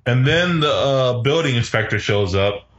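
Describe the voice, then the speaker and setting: A man's voice: mid-range voice, expressive, moderate pace, a bit bright. A man casually recapping a movie's plot on a podcast in a dry, step-by-step way. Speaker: podcast co-host. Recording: roomy, dull lo-fi sound.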